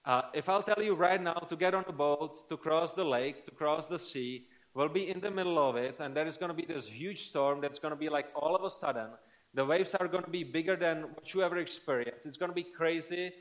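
Brief: man playing a calm male teacher, casual and matter-of-fact, slightly high voice. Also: brisk, natural voice.

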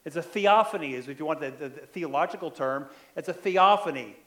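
High-voiced preacher peppering "right?". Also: male voice, brisk, fairly bright tone, roomy sound. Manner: frequent "right?" tag questions, acts out quoted lines. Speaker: pastor. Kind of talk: sermon.

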